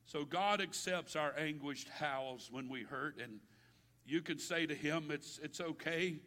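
A male pastor preaching a sermon with passion, his delivery swinging from loud declarations to hushed, quiet stretches. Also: on the high side, unhurried. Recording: long hall reverb.

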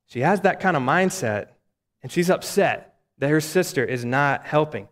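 A man's voice: fairly high pitch, expressive, normal speed. Conversational male preacher in a reverberant hall. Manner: conversational, with rhetorical questions. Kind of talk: sermon.

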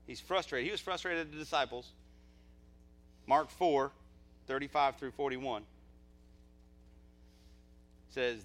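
A male pastor preaching at a church service, impassioned, dropping to quiet asides and then rising to near-shouts. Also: mid-range voice, moderate pace, long pauses. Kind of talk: live sermon.

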